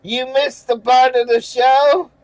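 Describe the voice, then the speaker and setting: A man with a fairly high voice rants at a slow, dragging pace, cursing and sarcastic as he reads out comments. He chuckles now and then between angry remarks. The sound is dry and close. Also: level tone, dry recording, rough recording. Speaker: channel host reading viewer comments. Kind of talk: casual ranting commentary.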